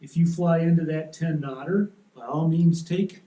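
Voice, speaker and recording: A man giving a seminar in a meeting room, his voice a touch high but mellow. He talks in an easygoing, practical way, leaning on rules of thumb. The room has a clear echo. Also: normal speed, lo-fi sound. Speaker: seminar presenter. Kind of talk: relaxed technical talk. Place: meeting room at a soaring club. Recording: echoey room.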